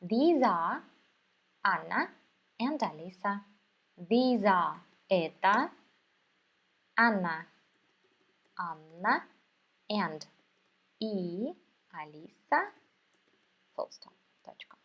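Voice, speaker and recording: Female language teacher, Russian accent, very unhurried delivery, patient and repetitive, slightly dull recording. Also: medium pitch, very animated. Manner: patient, repeats words slowly for learners. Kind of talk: slow, careful language lesson.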